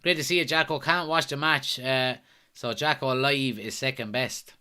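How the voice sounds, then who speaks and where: A man's voice: medium pitch, steady tone, normal speed, pushed and bright, clear, resonant tone. An Irish man hosting a live football watchalong stream, chatting casually, reading out viewer comments and answering them. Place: at home.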